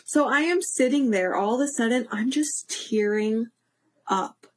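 Animated young woman telling a story. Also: fairly high pitch, a little slow. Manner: animated, acts out quotes, laughs. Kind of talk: casual storytelling chat.

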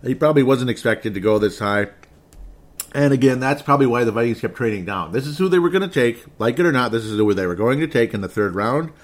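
A man's voice: mid-range voice, expressive, fast. A man giving casual solo commentary on football draft picks, rambling and correcting himself as he talks. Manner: rambling, self-correcting, conversational. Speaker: sports podcast host.

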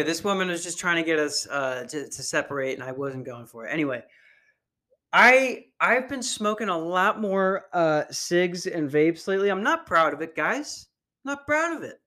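A young man talks through his solo podcast in a loose, self-deprecating ramble, swearing freely and restarting sentences. His voice sits a bit high for a man. It sounds like a plain computer mic on a video call. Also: pushed and bright. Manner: profane, self-deprecating, halting with many restarts and fillers. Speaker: podcast host.

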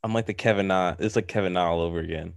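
A man with a very low voice chats loosely on a podcast, filling every sentence with "like" and restarts. The sound is dry and close to the mic. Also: steady tone, rapid-fire, vocal fry, no echo. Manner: chatty, rambling, lots of "like". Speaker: podcast co-host. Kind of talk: casual chat.

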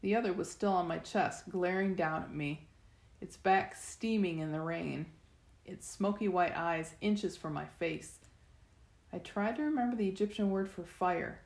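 A woman reading a novel aloud in first person, steady storytelling with the odd restart. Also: lowish voice, a little slow. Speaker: reader. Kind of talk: first-person audiobook narration. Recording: echoey room.

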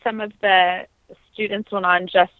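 A young woman, a trained singer, reflecting earnestly in an interview, pausing often with ums and restarts. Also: mid-range voice, little pitch movement, no room sound. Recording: dry, tinny phone-like line.

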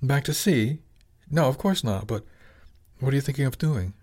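A man voicing a gentle, affectionate wife who talks in a warm, reassuring way. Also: medium pitch, expressive, normal speed, pitched above the performer's own voice, natural voice. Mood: anxious. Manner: warm, reassuring, softly teasing. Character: affectionate wife, middle-aged woman, gentle.

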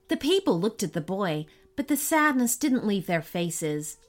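A woman reading a children's story aloud with expressive, animated narration. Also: medium pitch, unhurried.

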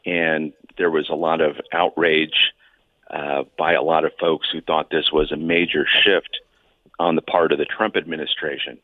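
A man on a tinny phone line with a deep, dry voice. He lays out his points steadily as a guest analyst. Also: little pitch movement, normal speed, dry recording. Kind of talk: phone-in interview.

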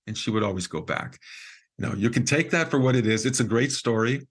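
A man's voice: medium pitch, a little fast, breathy edge. A man who is a podcast guest, telling a story casually, with lots of fillers and acted-out quotes. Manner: lively storyteller with frequent fillers and quoted dialogue.

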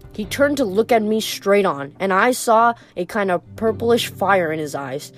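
A woman's voice: mid-range voice, animated, moderate pace, few pauses, faint music behind. A woman reading a novel aloud in a casual, slightly stumbling way. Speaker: reader.

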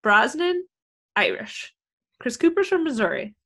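Woman, podcast co-host, high lively voice, quick laughing asides. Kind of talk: casual movie chat.

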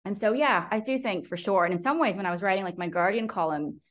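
American woman, academic guest; conversational, animated, does little voices for quotes. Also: medium pitch, quick pace. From United States. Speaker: professor and guest. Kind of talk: conversational interview.

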